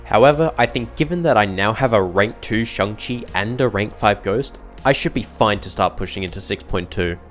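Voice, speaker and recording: A man giving calm, matter-of-fact commentary as he plays a mobile game and opens rewards. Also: fairly low pitch. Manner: measured, matter-of-fact narration of crystal openings. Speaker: gaming YouTuber. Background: background music.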